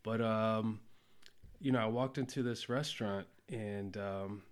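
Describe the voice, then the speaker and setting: Relaxed man telling stories. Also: on the low side, unhurried. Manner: relaxed storytelling with many fillers. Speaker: podcast guest, chef. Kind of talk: casual conversation.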